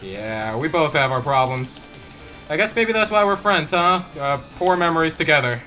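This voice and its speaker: A bright-voiced young man chats his way through a game, inventing playful voices for a boss and his own character. His voice sits a touch high. Quiet game music plays behind him. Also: lively intonation, moderate pace. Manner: playful and chatty, switching between made-up voices for game characters in conversation. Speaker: gameplay video host. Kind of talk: playing a game and chatting.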